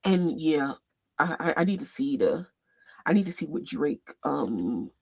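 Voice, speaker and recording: A woman hosting a casual fan chat stream, her husky voice pitched a touch low but swinging widely as she thinks aloud. She swears freely and often breaks into loud laughter. The sound is close and dry, with no room around it. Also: big pitch swings, unhurried, no echo. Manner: reads posts aloud while scrolling, thinks aloud. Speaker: livestream host.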